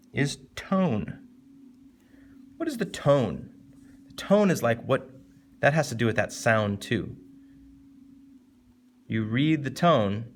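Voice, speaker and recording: A man teaching a casual, animated literature lesson, jumping up in pitch to stress points and slowing down to read poem lines. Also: a little hiss or hum. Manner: animated, conversational, with sudden lifts in pitch for emphasis; reads poem lines slowly and deliberately.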